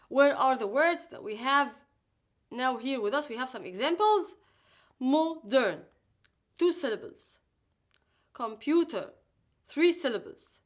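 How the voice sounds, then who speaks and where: Woman, high voice, careful slow drilling, recorded lesson. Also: fairly bright tone. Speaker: English teacher.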